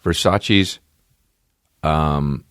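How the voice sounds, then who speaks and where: A man hosting a podcast in casual chat, rambling and swearing a lot, with big jumps in pitch. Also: extremely slow, fairly bright tone, clear, resonant tone, dry recording, studio quality. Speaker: podcast host. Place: home studio with barking dogs nearby.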